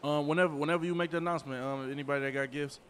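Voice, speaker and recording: A man's voice: fairly high pitch, fairly even intonation, rapid-fire, a little hiss or hum. A man playing a role-play character, in casual slangy street talk over a headset mic.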